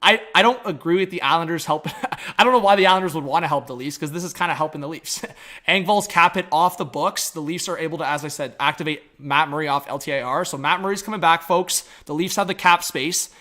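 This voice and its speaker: A young man reacts live on stream, excitable and full of slang, and keeps calling out to his chat. His voice sits high and sounds bright and edgy, with big jumps in energy. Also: fairly quick. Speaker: livestream hockey commentator.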